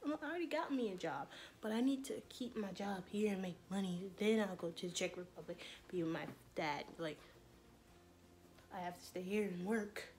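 A woman hosting a joking parody vlog, playful and giggly, often dropping into hushed whispered asides. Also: mid-range voice, moderate pace. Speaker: vlogger.

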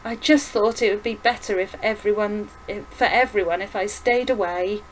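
A woman's voice: mid-range voice, steady tone, moderate pace, slight background noise, lightly acted, rough recording. A woman reading aloud and voicing a nervous young man who speaks politely and stammers with regret. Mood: anxious. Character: nervous, shaken young man, apologetic son.

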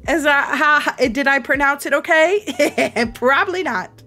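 A woman's voice: high voice, expressive, unhurried, sharp tone, faint music behind. A young woman streaming a life-sim game, chatting casually to her viewers with lots of giggles and exclamations. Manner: bubbly, giggly, talks to chat. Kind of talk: casual gameplay commentary.

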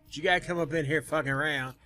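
A man streaming a game, trash-talking and swinging from low mutters to sudden yells. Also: steady tone, rapid-fire, faint music behind. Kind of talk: casual profane gaming commentary.

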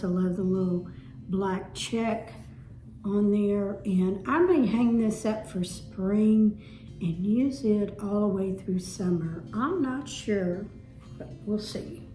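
A woman's voice: a little high, dark tone. A woman with a Southern US accent casually showing off her home decor haul in a chatty, folksy way. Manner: chatty, folksy, gushing over items. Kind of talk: casual show-and-tell haul. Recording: echoey room with faint music.

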